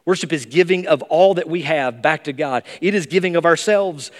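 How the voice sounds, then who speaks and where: A man preaching a sermon as pastor, emphatic and rising into high, excited bursts. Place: church sanctuary. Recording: long reverb of a church hall.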